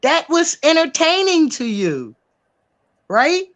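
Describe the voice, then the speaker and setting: A woman's voice: high voice, big pitch swings, slow pace. A woman speaking bluntly and emphatically on a livestream panel, repeating her points for effect. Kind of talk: heated livestream chat.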